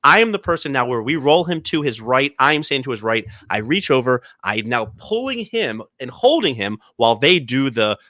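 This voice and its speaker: A man co-hosting a podcast, telling animated stories in casual chat and slipping into quoted voices. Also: mid-range voice, fairly quick, few pauses, no room sound, studio quality. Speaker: podcast co-host. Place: podcast studio.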